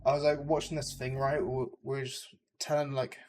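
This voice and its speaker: A man's voice: mid-range voice, level tone, fairly quick, a little mellow, a little hiss or hum. A young man with an English accent, chatting loosely with viewers while streaming a game, full of hesitations and fillers. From England. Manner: rambling, hesitant, full of likes and uhs. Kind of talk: casual gameplay chat with viewers.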